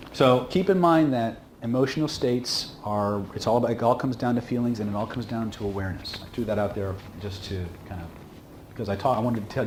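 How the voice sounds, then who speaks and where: A man teaching a seminar in a casual, emphatic way, often pausing to check in with "okay?". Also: on the low side. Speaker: instructor. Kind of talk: seminar lecture. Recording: echoey room with faint hum.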